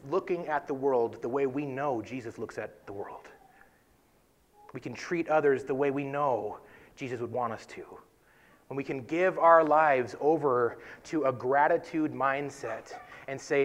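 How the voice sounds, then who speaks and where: A man hosting a devotional talk, teaching from scripture in an earnest, conversational way, often checking in with "right?" and dropping softly for emphasis. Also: a little slow. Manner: conversational, tags points with "right?"; earnest, drops to soft low emphasis. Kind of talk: casual Bible teaching.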